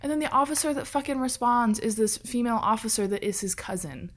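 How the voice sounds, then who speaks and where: A woman telling a story in a casual chat, animated, laughing often and swearing freely. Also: fairly high pitch, fast.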